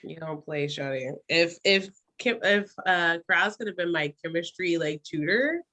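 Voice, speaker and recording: A woman's voice: fairly low pitch, lively intonation, unhurried, bright, forceful tone. A young woman co-hosting a casual podcast, playful and teasing, acting out friends' lines as she quotes them. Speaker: podcast co-host. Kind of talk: casual chat.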